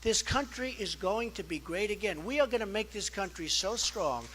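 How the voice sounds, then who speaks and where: A man's voice: high voice, lively intonation, normal speed, fairly bright tone. A male political candidate giving a campaign speech at a fundraising dinner, boastful and repetitive, wandering into asides and acting out quoted exchanges. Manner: conversational, acts out quoted exchanges.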